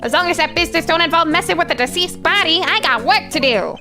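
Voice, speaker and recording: Woman playing cranky old granny, high squeaky voice, drawling twang, lively swoops, game music under. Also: fast, full character voice. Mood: grumbling. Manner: drawling folksy twang, grumbling. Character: crotchety old grandmother coroner, gruff.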